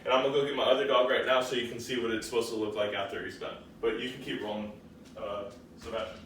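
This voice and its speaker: A man's voice: medium pitch, flat delivery, fast talker, distant mic, background noise. A man gives a casual dog training lesson. He speaks plainly and fills his explanations with ums. He is recorded from a little way off in a roomy space with faint background ambience. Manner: gives firm short commands, then chatty explanation with many ums.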